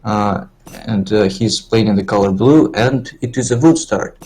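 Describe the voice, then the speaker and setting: A man's voice: fairly low pitch, moderate pace, a little mellow, rough recording. A man who speaks English as a second language, casting an online strategy game in a joking, rambling, slightly mumbled way, with typing heard behind him. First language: not English. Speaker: game caster. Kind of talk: casual esports commentary.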